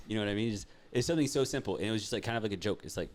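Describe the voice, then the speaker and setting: A man's voice: on the low side, racing. A young man hosting a podcast in casual chat, joking and swearing freely. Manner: swears freely, laughs and jokes. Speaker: podcast host.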